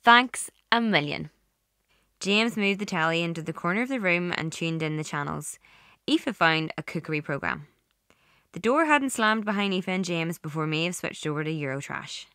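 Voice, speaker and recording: Woman, measured narration, lowish, dry sound. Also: lively intonation, a bit bright, smooth, dry recording. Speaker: audiobook narrator. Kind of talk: scripted narration.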